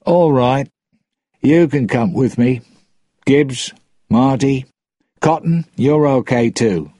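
A man's voice: slow pace, no room sound. A man reading aloud, voicing a cocky, teasing male pirate captain. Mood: mocking. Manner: high, lively, mocking lines.

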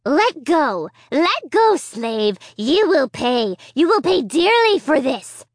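Lady putting on a squealy evil wooden dummy voice, super high and yelling threats, dry audiobook sound. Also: sing-song, takes it slowly, no room sound, full character voice. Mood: furious. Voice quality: shrill, squealing. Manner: screaming commands and threats. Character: evil shrill male ventriloquist dummy, bossy.

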